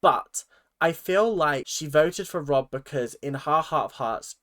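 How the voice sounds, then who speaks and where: A young man with an excitable, gushing, chatty manner, giving casual reaction commentary as a video host. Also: on the high side, measured pace.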